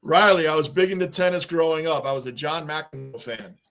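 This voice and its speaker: A man's voice: a little high, a little fast, a bit bright, soft background music. A middle-aged man, hosting a casual livestream, talking on and answering chat, often repeating himself. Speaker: livestream host.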